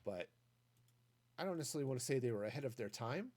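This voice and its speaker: Rambling male game streamer, lively pitch. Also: fast talker, a little hiss or hum. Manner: rambling, thinks aloud with many restarts. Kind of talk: casual commentary while gaming.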